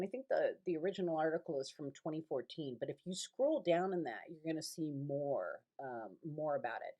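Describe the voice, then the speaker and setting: A woman's voice: sits low, animated, fairly quick, few pauses, darkish tone. A middle-aged woman teaching a recorded online lecture from her home, rambling and conversational with many fillers and restarts. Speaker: college instructor.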